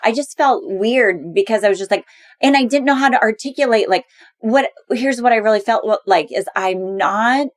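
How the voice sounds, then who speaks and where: A woman's voice: fairly high pitch, normal speed. A middle-aged woman as a podcast guest, speaking reflectively and searching for her words, often affirming the host. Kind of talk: candid conversational chat.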